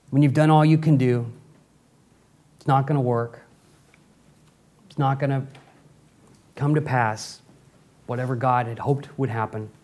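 A male pastor preaching a sermon in a dramatic way, swinging from forceful lines to soft, intimate prayer. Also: medium pitch.

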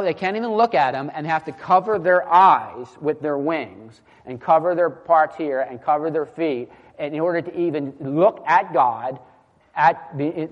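A man's voice: on the high side, dull audio. A young man preaching a sermon in an earnest, impassioned way, often restarting his sentences. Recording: long hall reverb.

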